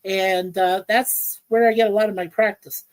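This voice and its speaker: A woman's voice: medium pitch, steady tone, low-quality recording. Rambling woman hosting a livestream. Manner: rambling, halting, many fillers, greets chat by name. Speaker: livestream host. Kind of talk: casual livestream chat. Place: home in Ontario, Canada.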